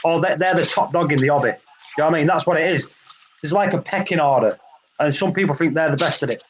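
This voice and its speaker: A man's voice: fairly high pitch, fast, a little hiss or hum, low-quality recording. A man in casual group chat, rambling and swearing, often laughing.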